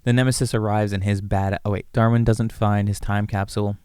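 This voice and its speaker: A man with a low, smooth voice in a dry, close-miked room, talking through comedy scenes in relaxed chat. He walks through the beats one at a time and drops into quick acted lines of dialogue along the way. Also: no room sound. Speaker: podcast co-host, comedy writer. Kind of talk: casual writing-room chat.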